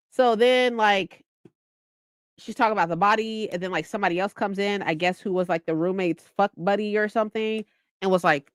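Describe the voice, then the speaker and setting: A young woman chatting casually about a book she's reading, excitable, swearing often and acting out lines. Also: a little high, normal speed, no echo, studio quality. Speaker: streamer hosting a reading session.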